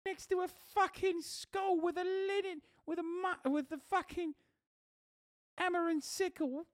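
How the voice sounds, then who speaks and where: A man's voice: extremely high pitch, fairly even intonation, measured pace, dry recording, clean studio sound, voice pushed up. A man voicing an outraged British TV producer with a British accent, swearing in disbelief at what he sees.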